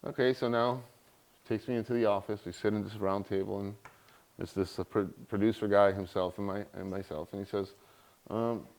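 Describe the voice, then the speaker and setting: A man's voice: on the low side, brisk. A middle-aged man giving a guest lecture, telling an anecdote and acting out the people he quotes. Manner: animated, acts out quoted voices. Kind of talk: storytelling in a lecture.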